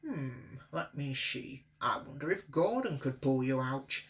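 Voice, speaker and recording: A man voicing a stout, stern railway boss who speaks in a measured way. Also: medium pitch, lively intonation, a bit bright.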